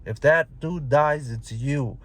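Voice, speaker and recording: A man's voice: medium pitch, slow. A man ranting bluntly and profanely into a handheld phone outdoors, talking casually to his viewers. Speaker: vlogger. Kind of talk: casual rant to camera. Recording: loud traffic noise outdoors.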